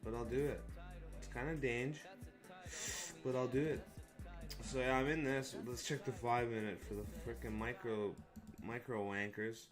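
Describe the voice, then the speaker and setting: A man's voice: mid-range voice, steady tone, normal speed, pauses often, music in the background. A man hosting a live trading stream, chatting casually in a joking, hyped, slangy way with some swearing. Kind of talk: casual live-stream chat over charts.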